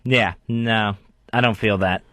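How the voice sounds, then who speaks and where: A man's voice: on the low side, steady tone, slow, pushed and bright, no room sound, studio quality. A man co-hosting a talk radio show, talking in a subdued, self-critical way. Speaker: radio co-host. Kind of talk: casual talk radio chat.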